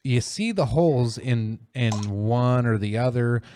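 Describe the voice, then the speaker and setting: A man's voice: lively intonation, unhurried, dark tone, a little hiss or hum. A man hosting a casual podcast, ranting about politics with plenty of swearing and mocking impressions. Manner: profane, heated, mocking mimicry in high voice. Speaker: podcast host.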